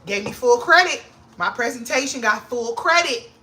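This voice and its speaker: Bright-voiced young woman, excitable and slangy. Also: moderate pace, a little hiss or hum. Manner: excitable, slangy, grows loud and high when hyped. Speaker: vlogger. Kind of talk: casual chat to camera.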